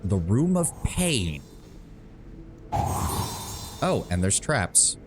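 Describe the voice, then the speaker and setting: Low-voiced wry gaming streamer man. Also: very animated, drawn-out words, music in the background. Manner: chatty, wry, swearing, thinks aloud. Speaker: streamer playing a video game. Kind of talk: casual let's-play commentary.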